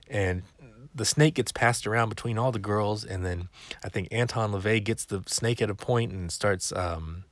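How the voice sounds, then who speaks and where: A man's voice: low voice, a bit bright, dry recording. A man hosting a podcast, rambling in a chatty, wry way. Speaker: podcast host. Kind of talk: casual chat.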